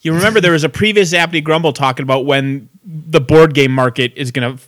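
A man's voice: a little high, quick pace, fairly bright tone. A man co-hosting a podcast, chatting casually with a profane, sarcastic, ranting manner. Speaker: podcast co-host. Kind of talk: casual chat.

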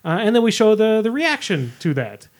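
A man's voice: sits high, big pitch swings, moderate pace. A man hosting a podcast in casual chat, rambling and self-deprecating, with casual swearing. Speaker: podcast host.

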